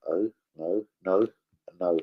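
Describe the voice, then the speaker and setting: A man's voice: sits low, slow, lo-fi sound, very noisy. A man hosting a football fan channel, hyper and slangy, swearing freely through casual chat and a transfer news roundup.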